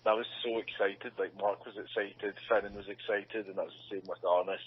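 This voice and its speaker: A man's voice: lowish voice, steady tone, a little fast, husky. A young man who is an actor, chatting casually in an interview, laughing often and acting out quotes. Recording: dull lo-fi sound.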